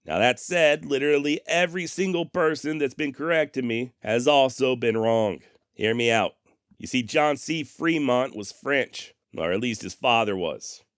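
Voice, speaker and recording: A man's voice: medium pitch, normal speed, a bit bright, smooth, no room sound, studio quality. A man hosting a history podcast, telling the story in a wry, folksy way and often mocking himself. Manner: wry, sarcastic, self-mocking; folksy turns of phrase.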